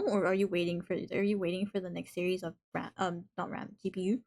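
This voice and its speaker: A woman's voice: mid-range voice, brisk, creaky, a little mellow. A woman hosting a live stream in casual chat, reading out messages from viewers and reacting to them playfully. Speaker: livestream host.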